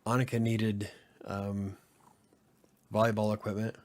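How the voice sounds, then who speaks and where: A middle-aged man from Utah hosts a casual late-night podcast chat, speaking in a lowish, darkish voice with flat delivery and a slightly slow pace. He talks candidly and rambles, with plenty of swearing and filler words.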